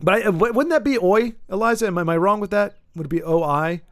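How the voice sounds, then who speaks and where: A man's voice: sits high, fairly quick, dry recording. Rambling streamer man with dry close sound. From Michigan. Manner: rambling, stumbles and repeats words. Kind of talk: casual gameplay chat, reading viewer messages.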